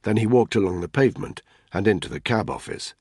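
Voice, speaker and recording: A man narrating a thriller audiobook in a measured, tense storytelling manner. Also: lowish voice, expressive, a little mellow, husky, no echo, studio quality.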